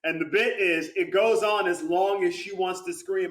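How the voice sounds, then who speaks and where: A man's voice: high-pitched, moderate pace, noisy background. A man chatting as a guest actor over a video call, telling stories with lots of laughter. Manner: animated storyteller, laughs often. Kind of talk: casual interview chat.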